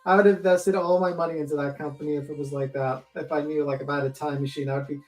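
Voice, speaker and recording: A man's voice: a little high, little pitch movement, rapid-fire, crowd noise, low-quality recording. A man in a casual livestream chat, rambling and joking, with frequent swearing and filler words.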